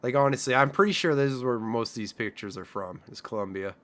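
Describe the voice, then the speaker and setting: A man's voice: medium pitch, quick pace, a bit bright. A young Canadian man streaming a game, rambling and swearing casually as he plays. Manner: rambling, profane, chatty. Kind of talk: casual gaming commentary.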